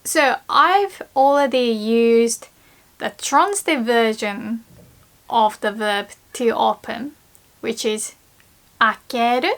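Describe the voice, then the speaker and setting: Slow, patient Japanese-native woman teacher. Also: a little high. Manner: slow and patient, repeats example words with lifted emphasis. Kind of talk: casual explanatory lesson.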